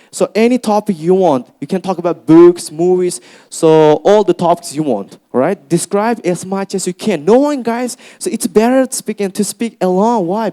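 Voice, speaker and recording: A young man with an Uzbek accent teaching a speaking workshop to a class, lively and encouraging, often calling them guys. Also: high-pitched. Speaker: English teacher. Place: classroom with students.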